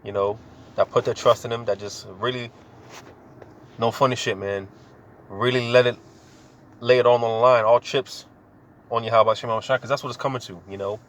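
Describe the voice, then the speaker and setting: A man reading scripture and explaining it in a relaxed, slangy way, full of casual fillers. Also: mid-range voice, moderate pace, pauses often. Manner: laid-back, slangy, full of "man" and "you know" fillers. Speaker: scripture teacher. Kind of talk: informal scripture reading and commentary.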